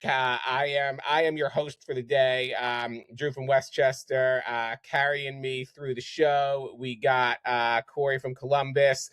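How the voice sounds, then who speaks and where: A man's voice: medium pitch, level tone, a little slow, few pauses, fairly bright tone, clean tone, no room sound. A man hosting a casual sports podcast, speaking hesitantly with lots of fillers and restarts. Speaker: podcast host.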